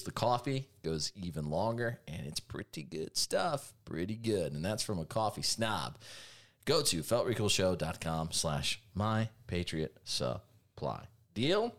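A man hosts a podcast in a casual, sarcastic banter, his voice sitting fairly low. His pitch swings widely as he jokes and reads sponsor spots. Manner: sarcastic, jokey, animated delivery. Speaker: podcast host.

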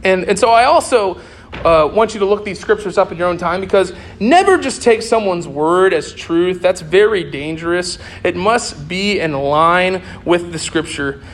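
A man's voice: sits high, animated, moderate pace, a little hiss or hum. A young man preaching a sermon in an earnest way, repeating key phrases for emphasis.

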